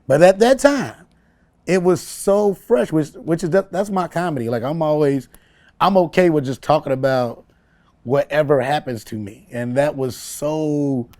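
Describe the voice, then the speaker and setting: A man, a comedian telling a story in an interview, animated and laughing often as he acts out voices. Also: a little high, a little slow. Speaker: comedian guest.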